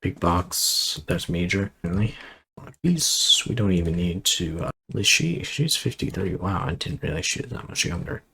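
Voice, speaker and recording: Guy with a really low voice rambling thru his strategy game, bit of faint hiss behind. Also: moderate pace, creaky, few pauses, bright, forceful tone, low-quality recording. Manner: thinks aloud, rambling with fillers and asides. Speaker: gameplay commentator. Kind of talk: casual strategy game let's play commentary.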